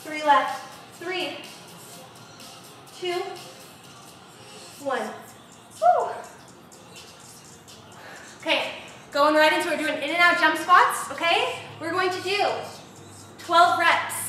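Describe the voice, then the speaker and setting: A woman's voice: very high voice, slow, long pauses, bright, forceful tone, soft background music. Breathless upbeat fitness coach woman. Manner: upbeat, cheering, counting reps. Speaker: fitness instructor. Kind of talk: live workout coaching. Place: large empty home gym floor. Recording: echoey room, mic far off.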